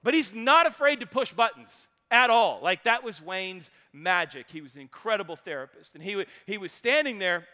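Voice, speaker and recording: An animated male speaker with a high, bright voice. He tells a story in a sermon, rising to loud bursts and then dropping to hushed tones. A long reverb trails behind him as if he is in a large hall. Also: moderate pace, hardly any pauses.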